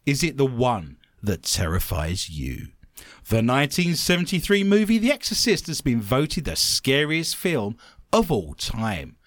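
Lively, wry man reading odd news. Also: mid-range voice, a little slow, dry recording, studio quality. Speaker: podcast host. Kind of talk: casual chat reading news stories.

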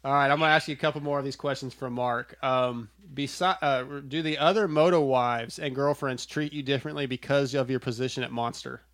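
A man's voice: mid-range voice, steady tone, brisk, few pauses, a bit bright, no echo, clean studio sound. A man hosting a casual interview, chatty and prone to stammering restarts. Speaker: podcast host. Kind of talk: casual interview over a call.

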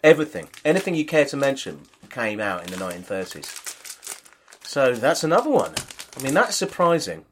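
A man co-hosts a comedy podcast in lively, animated tones, his pitch rising and falling a lot. He is wry and quick to swear, and he giggles between the jokes. It sounds like casual banter. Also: slight background noise. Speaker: podcast co-host.

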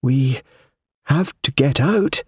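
A man reading aloud, voicing a tense wife who snaps shrilly and then fights to sound calm, in a raised, strained voice. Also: medium pitch, takes it slowly, breathy edge, no echo, clean studio sound, voice pushed up, full character voice. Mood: urgent pleading.

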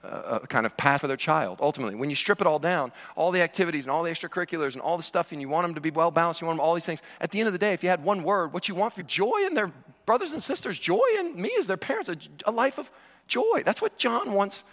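Pastor, man, informal preacher who jokes with the room; sharp, bright tone. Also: sits high, animated, quick pace. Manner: conversational preaching with joking asides. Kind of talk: sermon. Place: church sanctuary. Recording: long reverb of a large hall.

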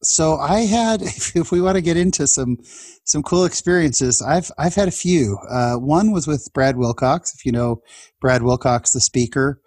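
A man's voice: fairly high pitch, expressive, normal speed, a little mellow, breathy edge, no echo. A man in his forties telling personal stories in a casual podcast chat, earnest and emotional, laughing now and then. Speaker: guest.

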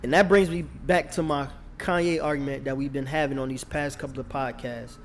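Slight background noise sits behind this comedian's medium-pitched, fairly even voice as he hosts a podcast a little fast. Relaxed and chatty, he checks in with listeners often, saying "you know what I'm saying" again and again.

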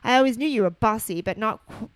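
A woman's voice: a little high, fast, lightly acted. A woman reading as Ron, a hot-headed schoolboy wizard. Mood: angry. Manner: blunt, defensive outbursts.

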